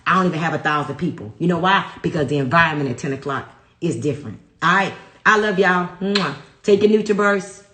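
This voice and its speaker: A woman's voice: on the low side, brisk, fairly bright tone. A woman hosting a wellness livestream, speaking affirmations and a motivational pep talk in an emphatic, preacher-like cadence. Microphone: livestream to a large online audience. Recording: roomy echo.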